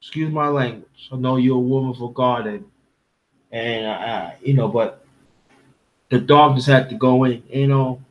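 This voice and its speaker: Heard through lo-fi sound, a male panel host from Brooklyn, New York, talks at a measured pace in a mid-range voice. His story comes out casual and full of feeling, emotional, rambling, with frequent restarts.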